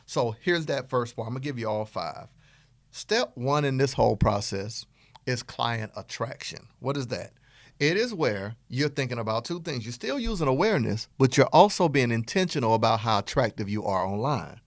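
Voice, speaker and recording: Animated Southern man, lively pitch. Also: normal speed, no room sound, clean studio sound. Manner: animated, playful, acts out dialogue in quotes. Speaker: podcast host and business coach. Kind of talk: energetic motivational talk.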